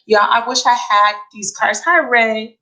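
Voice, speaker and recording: A woman giving a live tarot reading, excitable and emotional, repeating key phrases. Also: fairly high pitch, measured pace, faint music behind, rough recording. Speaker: tarot reader.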